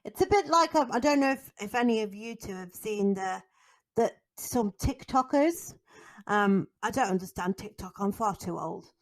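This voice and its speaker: A woman co-hosting a podcast, talking candidly with dark humour and lively storytelling. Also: mid-range voice, normal speed. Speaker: podcast co-host. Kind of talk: casual conversation.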